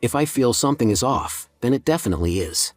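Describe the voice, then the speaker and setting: Man as a ruthless boss, firm, commanding, mid pitch, dry. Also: expressive, fast talker, no echo, soft background music, close to an everyday voice.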